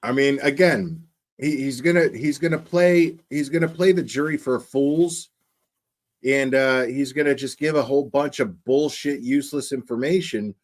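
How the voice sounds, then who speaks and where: A man's voice: mid-range voice, normal speed. A man giving casual, blunt and profane live commentary on a trial while eating his lunch.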